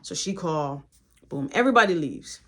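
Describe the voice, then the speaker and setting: A young adult woman telling a personal story in a casual storytime vlog, swinging between dramatic loud moments and hushed asides. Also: deep voice, animated, a little fast.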